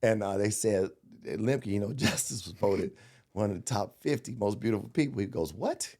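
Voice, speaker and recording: A man's voice: lowish voice, moderate pace. A middle-aged man, a former ballplayer, telling locker-room stories in casual chat with lots of laughter. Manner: animated, laughing storyteller. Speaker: guest, former baseball player.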